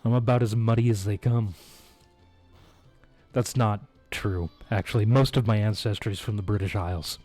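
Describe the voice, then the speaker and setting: A man's voice: on the low side, steady tone, normal speed, darkish tone, faint music behind. Crude, joking man streaming a game. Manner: crude, joking, laughs often. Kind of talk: casual live-stream chat.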